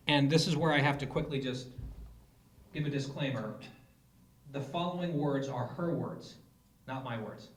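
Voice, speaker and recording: A man's voice: mid-range voice, normal speed. A man giving a political speech to a live audience, telling a story with sarcasm and mocking quoted voices. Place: conference hall.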